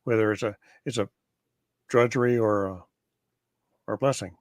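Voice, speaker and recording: A man's voice: on the low side, fairly even intonation, moderate pace, dry recording. A man who is the show's producer and director, chatting with dry, understated humor. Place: Chicago.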